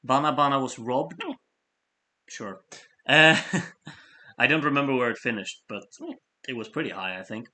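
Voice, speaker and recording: A man hosting a live stream of fan votes, reading out scores in a chatty, apologetic way while he has the hiccups and keeps clearing his throat. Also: mid-range voice, a little slow, long pauses, pushed and bright. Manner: chatty, apologetic asides between score readouts. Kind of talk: casual live-stream commentary.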